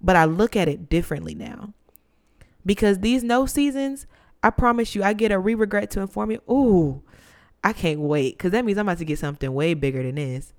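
A woman in her twenties hosting a podcast, telling a personal story in an expressive, testifying way and talking straight to her listeners. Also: lowish voice, normal speed. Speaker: podcast host.

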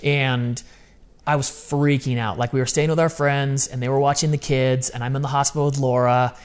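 A man with a medium-pitched, clean-toned voice speaks at a moderate pace with a flat delivery. As an interview guest, he candidly tells personal stories in an emphatic, casual, slang-heavy way.

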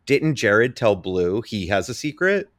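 A man with a fairly low voice chats casually on a podcast, trading gossip and mimicking others. The sound is dry and close, with no room around it. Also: very animated, a little slow, no room sound. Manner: gossipy, quotes people in mocking voices. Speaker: podcast co-host. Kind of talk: casual chat.

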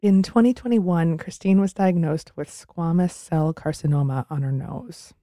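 A woman's voice: on the low side, moderate pace, warm tone. A woman hosting an interview, supportive and clarifying things for listeners. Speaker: host. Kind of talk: podcast interview.

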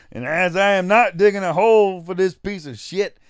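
A man voicing a loud, menacing backwoods thug in a twangy, drawling voice. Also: mid-range voice, takes it slowly, smooth, no echo, studio quality, lightly acted. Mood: sneering.

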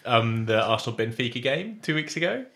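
A man co-hosting a casual football podcast, telling stories animatedly, rushing ahead and restarting his sentences. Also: mid-range voice. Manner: animated storyteller, rushes ahead then restarts. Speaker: podcast co-host.

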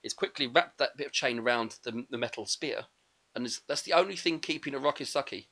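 A man co-hosting a film podcast who rattles through scene recaps at a quick clip. His voice is bright and forward, and he keeps the chat lively and animated. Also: medium pitch. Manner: quick, chatty, animated retelling. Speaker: podcast co-host. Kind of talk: casual film review chat.

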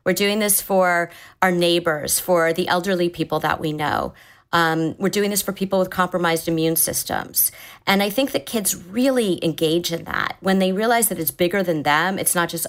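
Low-voiced woman therapist giving calm advice. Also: moderate pace. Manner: calm, thoughtful, explanatory with frequent restarts. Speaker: therapist guest.

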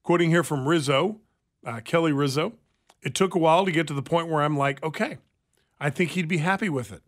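Brief: male radio host, casual and conversational, voice a touch higher than most men, studio mic. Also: brisk. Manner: conversational, reads news aloud with asides. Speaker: radio talk show host. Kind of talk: casual talk radio chat. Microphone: studio microphone.

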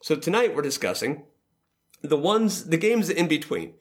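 A man's voice: fairly high pitch, very animated, normal speed. A man hosting a casual roundtable chat about video games, leading the group and laughing easily. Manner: leads the discussion, laughs easily. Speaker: podcast host.

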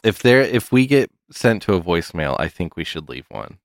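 A man's voice: sits low, sing-song, normal speed, no echo, clean studio sound. A man co-hosting a podcast, chatting casually in a laid-back way. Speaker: podcast co-host. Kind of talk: casual chat.

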